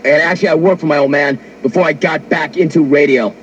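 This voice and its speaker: Husky high-voiced brash radio man. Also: quick pace, lo-fi sound. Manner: brash, wisecracking storyteller. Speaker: sports radio host. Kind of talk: talk radio monologue. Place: radio studio.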